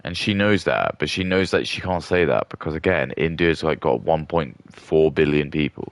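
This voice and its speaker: A streamer with an extremely deep, gravelly, fry-heavy voice rambles through casual commentary, loading up on filler words and trailing off into restarts. His sound is close and dry, with no room or echo around it.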